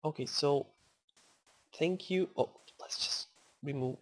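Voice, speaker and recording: A woman casually commenting while she plays, rambling, thanking viewers and coaxing in-game animals aloud, swearing in sudden excited outbursts. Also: sits low, measured pace, pauses often. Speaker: gaming channel host.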